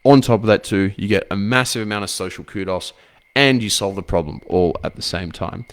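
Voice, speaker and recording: Talking to camera in a motivational advice session, a men's coach gives other men blunt guidance, swearing freely and firing off rhetorical questions. His voice is fairly low and a little fast.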